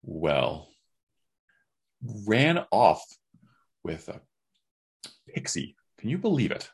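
A man voicing a calm, refined and wealthy undead duchess who speaks in a genteel, sweetly condescending way. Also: lowish voice, extremely slow, vocal fry, breathy edge, full character voice. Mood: chatty.

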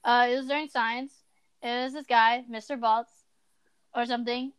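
A woman's voice: on the high side, fairly even intonation, moderate pace, smooth, dry recording. A teenage girl co-hosting a podcast, chatting casually and talking a lot with many fillers. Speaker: podcast co-host. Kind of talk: casual chat.

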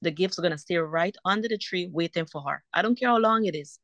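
A woman's voice: fairly low pitch, fast talker, fairly bright tone, dry recording. A woman, a mother caught in a custody dispute, telling her story in a heated, indignant way and repeating herself for emphasis. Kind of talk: emotional personal account.

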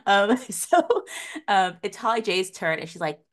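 Chatty, lively young woman recapping a show. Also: mid-range voice, measured pace. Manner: animated, acts out characters' lines mid-story; laughs often, many likes and ums. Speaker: podcast co-host recapping a TV episode. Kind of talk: casual chat.

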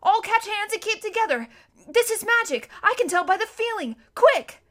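A woman voicing a quick, plucky schoolboy in an audiobook reading. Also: high-pitched, animated, sharp tone. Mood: urgent.

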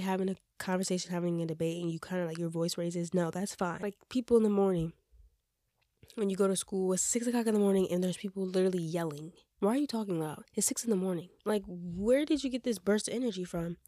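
A woman's voice: on the low side, no echo, studio quality. Chatty congested young woman podcaster. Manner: chatty, opinionated, animated. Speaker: podcast host. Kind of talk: casual chat.

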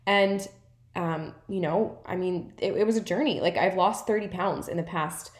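A woman wellness coach hosts her podcast in a lowish voice at a moderate pace, giving a casual, reflective monologue. She sounds earnest and encouraging, chatty and full of fillers, often saying "like" and tagging on "right?", with a roomy echo in the recording.

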